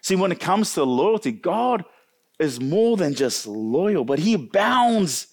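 A man preaching a sermon, animated and conversational, acting out the people he quotes and often restarting his words. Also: takes it slowly. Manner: animated, acts out quoted voices with big pitch jumps; many restarts and repeated words. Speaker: pastor.

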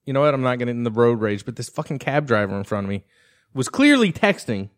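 A man in a crude, casual podcast chat, lively and swearing as he tells stories. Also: mid-range voice, fast. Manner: lively, swears when telling road stories.

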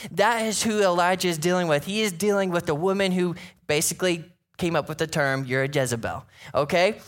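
Male pastor, higher-pitched voice, casual conversational sermon style with animated storytelling. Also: brisk. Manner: conversational preaching, frequent "right?" asides, animated retellings.

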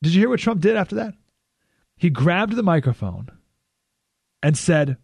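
An American man hosting a talk radio show, delivering a lively monologue with sudden loud and hushed emphasis. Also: high voice, moderate pace, vocal fry, long pauses, no room sound, studio quality. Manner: animated, swings between loud and hushed emphasis.

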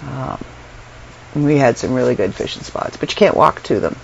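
This is a casual, meandering to-camera chat from a vlogger: a middle-aged woman from Canada who is sick and worn out, talking in her bedroom and filling the gaps with ums and soft laughter. She has a gravelly, rumbling low voice and moves at a moderate pace. The sound is dull and lo-fi, with a faint hum of the room.

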